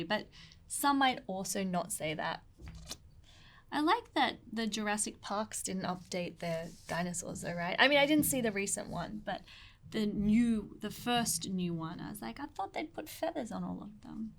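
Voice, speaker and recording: A young Australian woman, an artist, talks through an ink drawing in a rambling, chatty way, full of fillers and asides, sometimes trailing off into soft murmurs as she concentrates. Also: mid-range voice. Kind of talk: casual drawing tutorial.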